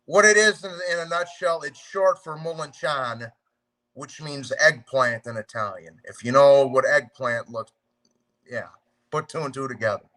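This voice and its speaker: A man's voice: medium pitch, moderate pace, sharp tone, no room sound. A man hosting a boxing talk show, rambling casually and swearing, calling his viewers "bro". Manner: profane, streetwise, talks to viewers as "bro".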